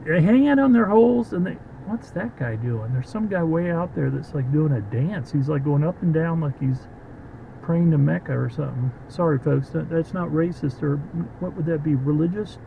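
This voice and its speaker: A man's voice: fairly high pitch, moderate pace, creaky, lo-fi sound, a little hiss or hum. A man vlogging while he walks outdoors by a creek, rambling and joking with his viewers. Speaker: vlogger, treasure hunter. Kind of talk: casual walking vlog. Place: outdoors by a creek in a city park.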